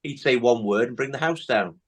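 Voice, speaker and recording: A man's voice: medium pitch, brisk, slightly rough. A man hosting a podcast, chatting casually and retelling comedy scenes with many tag questions. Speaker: podcast host. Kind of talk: casual chat.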